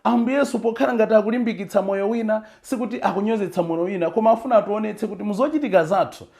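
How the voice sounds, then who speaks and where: A Catholic priest preaching a homily, mixing in English phrases with emphatic stresses. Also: male voice, high voice, very fast, gravelly, a little mellow.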